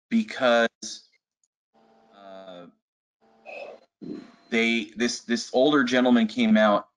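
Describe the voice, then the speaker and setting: A man working as a sales manager who talks casually and enthusiastically in a webinar, with frequent fillers. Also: on the low side. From Arizona. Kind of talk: webinar presentation. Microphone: video call.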